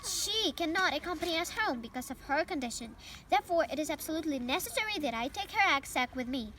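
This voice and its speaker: A young woman voicing an earnest, excitable young male pig who pleads and cries out in a high voice, reading a storybook aloud. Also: fast talker, slight background noise. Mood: pleading.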